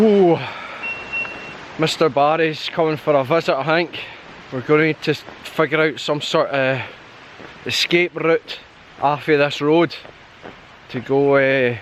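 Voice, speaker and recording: A man's voice: fairly high pitch, a little hiss or hum. A young Scottish man chatting and telling stories while hiking outdoors, laughing often. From Scotland. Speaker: hiking vlogger. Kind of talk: casual chat while hiking. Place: outdoors on a hill trail.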